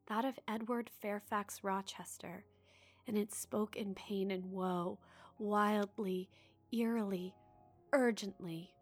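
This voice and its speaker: Expressive woman reading aloud. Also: fairly high pitch. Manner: dramatic reader, voices quoted cries and drops to hushed asides. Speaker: podcast co-host. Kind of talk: expressive reading of a novel passage, then casual chat.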